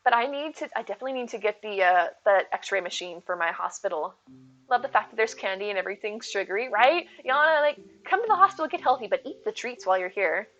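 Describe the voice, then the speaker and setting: A woman's voice: mid-range voice, lively intonation, quick pace, fairly bright tone, dull audio. A woman in her thirties streaming live, chatting in a rambling way, reading her chat aloud and thanking viewers.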